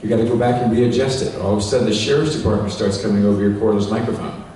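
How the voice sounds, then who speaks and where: A man's voice: fairly low pitch, steady tone, very fast, dark tone. Folksy man on a PA in an echoey hall. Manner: folksy, instructive, directing a sound tech. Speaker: presenter at a sales training event. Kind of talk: live talk to a seminar audience. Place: large echoing hall with an audience. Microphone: cordless handheld microphone over a PA. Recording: echoey hall recorded from far off.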